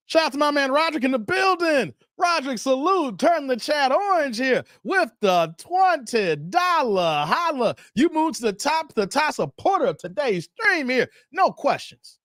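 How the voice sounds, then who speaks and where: A man with a high, lively voice hosts a casual live stream. He reads chat comments in a teasing, playfully exasperated way. The sound is dry and close. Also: a little slow, no room sound.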